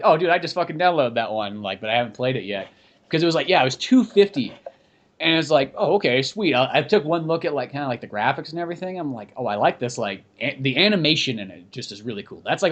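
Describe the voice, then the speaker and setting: Man, podcast host, casual rambling chat, rapid delivery, bit high-pitched. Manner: rambling, animated, heavy use of "like".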